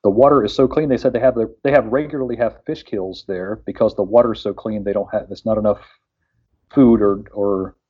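A man's voice: on the low side, a little fast, breathy edge, muffled recording. A man from West Virginia chatting casually on a radio show, rambling with lots of fillers and restarts.

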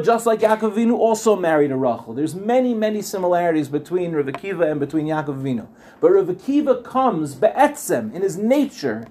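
Man, high voice, earnest Torah class, storytelling, repeats phrases for emphasis. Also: darkish tone. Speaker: Torah teacher.

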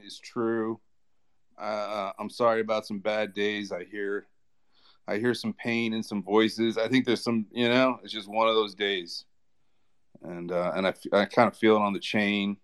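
A man chatting casually, speaking warmly and swearing now and then. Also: on the low side, steady tone, a little slow, clean tone. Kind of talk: casual chat.

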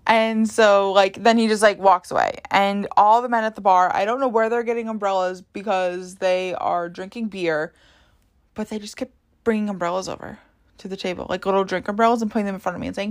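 A woman's voice: medium pitch, steady tone, brisk. A young woman hosting a podcast, telling a story casually with lots of "like" and "um" fillers. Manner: chatty, heavy use of "like" and "um". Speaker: podcast host.

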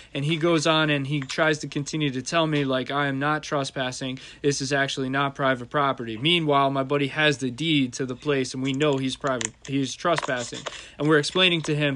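A man's voice: mid-range voice, fairly even intonation, fairly quick, a bit bright. A man, hosting a podcast and telling a heated, profane story in casual talk. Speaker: podcast host.

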